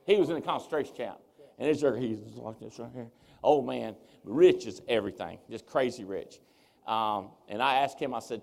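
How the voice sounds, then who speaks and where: A man giving a seminar talk as a speaker, telling his story with lively, animated swings as he acts out what people said. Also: medium pitch, moderate pace, gravelly. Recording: reverberant hall.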